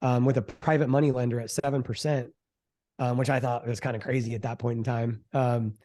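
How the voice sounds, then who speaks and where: A middle-aged real estate investor with a medium-pitched voice recounts his first deal in a casual interview. He's an animated storyteller who readily acts out what other people said, using fillers like "um" and "like."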